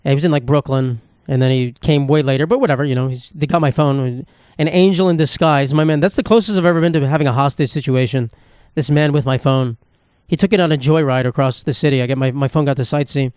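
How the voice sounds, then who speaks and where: A man's voice: mid-range voice, fast talker, few pauses, a little mellow, clear, resonant tone, no room sound, clean studio sound. A man hosting a podcast alone, telling stories in a rambling, swearing, self-mocking way, recorded on a phone. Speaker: podcast host. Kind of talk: casual solo monologue.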